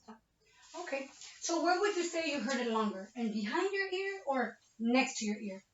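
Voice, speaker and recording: With an animated, high voice at normal speed, a woman who is a nursing student explains each stage of a physical exam to a patient, again and again asking "okay?" The demonstration was recorded on a laptop webcam, leaving the sound muffled, roomy and far off.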